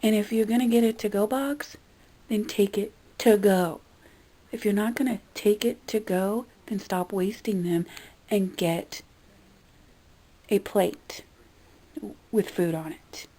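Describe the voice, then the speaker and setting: A woman's voice: mid-range voice, steady tone, slow pace, pauses often, warm tone, poor audio. A young woman vlogging a casual rant, exasperated and swearing, now and then mimicking the people she talks about. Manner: exasperated, swearing, mimics customers in quoted voices. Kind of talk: casual ranting monologue.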